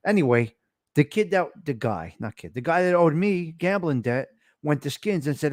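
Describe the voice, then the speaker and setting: Middle-aged guy telling rough stories, swears a lot, slightly high voice, dry close sound. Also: very animated, moderate pace, no echo. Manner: blunt, profane tough-guy storytelling. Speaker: show host. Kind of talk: casual storytelling chat.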